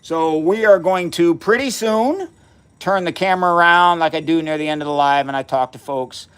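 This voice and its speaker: A man's voice: fairly high pitch, moderate pace, a bit bright, clear, resonant tone. Upbeat man in his fifties, livestream chat. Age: 50s. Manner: upbeat and folksy, greeting viewers by name. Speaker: science livestream host. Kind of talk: casual live-stream chat. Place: home basement.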